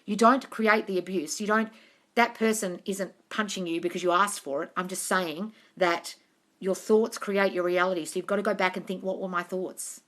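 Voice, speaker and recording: An Australian woman with a bright, forceful voice runs a casual live Q&A from home. She reads viewer comments aloud and answers them frankly, swearing without much hesitation and calling everyone darling. Her delivery sounds like she is talking into a phone on a live stream. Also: medium pitch, steady tone, normal speed. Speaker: manifestation coach.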